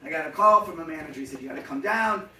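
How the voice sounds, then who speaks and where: A man telling funny stories to a live audience, acting out other people with loud shouted voices. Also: a little high, rapid-fire, slight background noise. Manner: animated, acts out shouting voices. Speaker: comedic storyteller. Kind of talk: live storytelling set. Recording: echoey room, mic from a distance.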